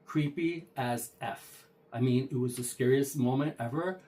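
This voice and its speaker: A man's voice: mid-range voice, a little slow, dark tone. A man casually retelling a true ghost story, talking conversationally with frequent restarts and acted-out dialogue.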